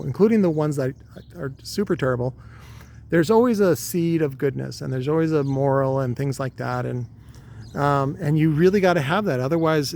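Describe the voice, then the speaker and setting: A man rambles through a casual vlog talk, crude and full of fillers. His voice sits a bit high, and a faint ambient hum stays under it. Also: a little mellow. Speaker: vlogger.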